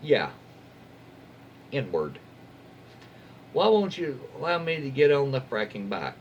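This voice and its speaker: Folksy man, lively storyteller. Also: medium pitch, slow, lo-fi sound, a little hiss or hum. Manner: folksy, wry asides, self-censoring jokes. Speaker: YouTube host reading Reddit stories. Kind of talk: casual story reading with commentary.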